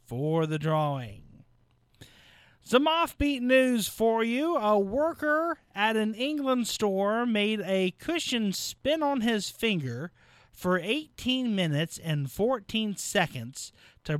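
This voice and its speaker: A man's voice: sits high, fairly bright tone, clear, resonant tone, no echo. A man hosting a local radio call-in trivia show, friendly and chatty with callers.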